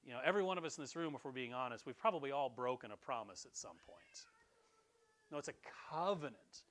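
In a church sanctuary, a middle-aged pastor preaches a conversational sermon to his congregation, talking fast in a medium-pitched voice with slight background noise. He is animated and quotes scripture with feeling in a raised voice.

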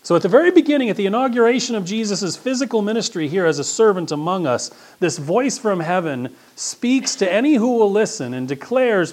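A middle-aged man preaching a sermon as pastor, swinging between loud emphasis and hushed, quiet asides. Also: high-pitched.

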